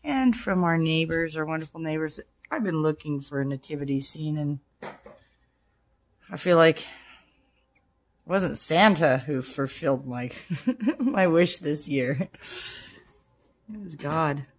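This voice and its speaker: Soft breathy woman chatting at home. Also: deep voice, lively intonation, unhurried, long pauses. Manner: sing-song baby talk to pets, then soft chatty narration. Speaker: vlogger. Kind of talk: casual home vlog, talking to pets. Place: home by a Christmas tree.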